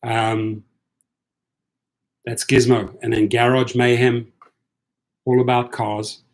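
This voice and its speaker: A man's voice: medium pitch, level tone, takes it slowly. A man hosting a casual livestream for rideshare drivers, reading out viewer comments and chatting to them in a loose, tired way. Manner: chatty, loose, repeats himself, talks straight to viewers.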